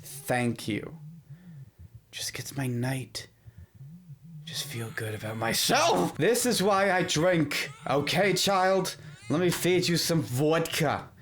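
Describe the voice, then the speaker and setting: Male streamer doing an overworked, sassy single mom, mid-pitched, melodramatic and sarcastic. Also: slight background noise, close to an everyday voice. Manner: melodramatic, sarcastic, swings from mutters to shrieks. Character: frazzled sassy single mother, tired, boozy, camp. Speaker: gaming video host. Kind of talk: comedic let's-play role-play.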